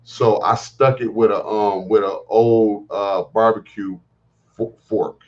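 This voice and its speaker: A middle-aged man hosting a live morning show, telling a story with animated exclaims and laughs. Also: on the low side, slow. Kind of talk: casual live-stream chat. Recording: muffled online call audio.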